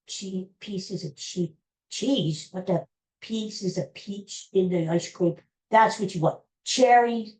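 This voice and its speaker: A woman's voice: on the low side, a little mellow. An older woman hosting a podcast, chatting in a rambling way and repeating herself. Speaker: podcast host. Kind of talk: casual chat.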